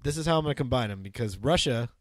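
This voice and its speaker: A man's voice: mid-range voice, animated, racing, no room sound, studio quality. A man co-hosting a comedy podcast, trading crude jokes and laughing often in casual banter. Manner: profane, laughing, jokey. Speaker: podcast co-host.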